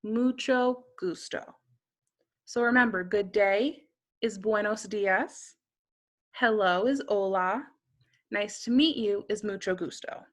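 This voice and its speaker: A woman's voice: medium pitch, a little slow. A woman teaching a beginner Spanish lesson, carefully modeling each phrase and quizzing the listener.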